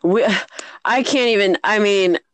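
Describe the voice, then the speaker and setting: A woman co-hosting a relaxed podcast, her voice sitting at an ordinary middle pitch. She laughs easily and is quick to make fun of herself. The sound is dry and close-miked. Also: dry recording. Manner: laughs often, self-deprecating. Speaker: podcast co-host. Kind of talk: casual chat.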